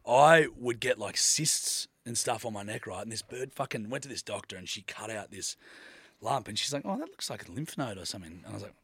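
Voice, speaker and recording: A man's voice: on the low side, expressive, a little fast, fairly bright tone, breathy edge, no echo. A man in laid-back, sweary podcast banter. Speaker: podcast co-host. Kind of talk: casual chat.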